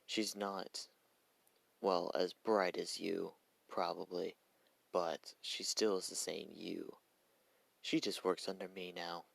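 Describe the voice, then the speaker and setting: A man's voice: sits low, flat delivery, slow pace, creaky, long pauses, a bit bright, dry recording, exaggerated voice. A man voicing a cold, commanding young villain leader in a fan story. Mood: menacing.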